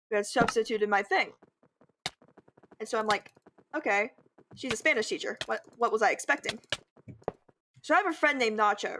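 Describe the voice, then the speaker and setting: A woman's voice: fairly high pitch, fairly bright tone. A teenage girl telling a storytime anecdote over gameplay footage, full of "like" and "I'm like". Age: teens. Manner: chatty, lots of "like" and "I'm like". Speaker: gaming vlogger.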